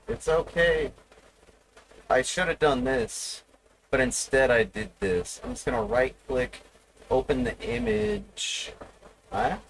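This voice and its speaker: A man's voice: fairly high pitch, big pitch swings, slow, gravelly, pauses often, slight background noise, low-quality recording. A man streaming live, rambling and profane as he teases his viewers. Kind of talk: casual live stream chat.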